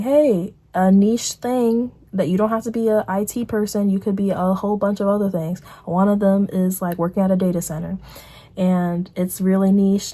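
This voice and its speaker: A woman's voice: mid-range voice, dark tone. A young woman vlogging casually, rambling through a catch-up and quoting herself with put-on voices.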